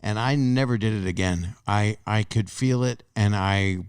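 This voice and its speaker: A man's voice: fairly low pitch, moderate pace, clear, resonant tone, dry recording, clean studio sound. An older man hosting a podcast in casual chat, rambling and restarting his sentences as he tells his own stories. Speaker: podcast host.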